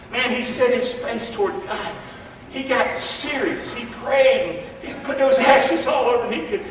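A man preaching a sermon to a congregation, emphatic, calling out to the room and swinging between loud and soft. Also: very high voice, a little hiss or hum. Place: church. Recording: echoey church hall from far off, faint ambience.

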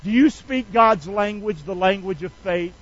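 A man's voice: high-pitched, lively intonation, normal speed, a bit bright, muffled recording. A man preaching a sermon as pastor, leading call-and-response and mixing folksy slang with quoted scripture. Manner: call-and-response preaching, asks the church to repeat lines; folksy, drops into casual slang between scripture.

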